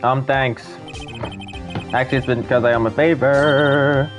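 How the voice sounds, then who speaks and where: A man's voice: mid-range voice, steady tone, normal speed, close to an everyday voice. A man voicing an earnest young rookie defense attorney narrating his first case, with music faint behind.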